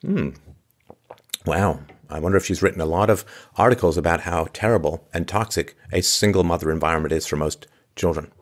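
A man with a low, deep voice rants through a commentary monologue, firing off incredulous rhetorical questions. His delivery is sarcastic and punctuated by weary sighs. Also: fairly quick. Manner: sighs often. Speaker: podcast host.

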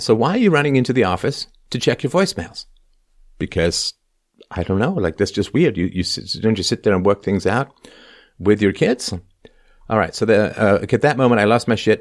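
A man hosting a talk show, reading a text aloud and tearing into it in a sarcastic, lecturing way, often tossing in "right?". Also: fairly low pitch. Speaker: podcast host.

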